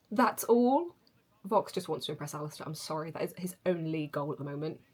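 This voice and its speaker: Young woman, husky voice, excitable reaction commentary, lively swooping pitch. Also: normal speed. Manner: excitable, gasping and gushing. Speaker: reaction video host.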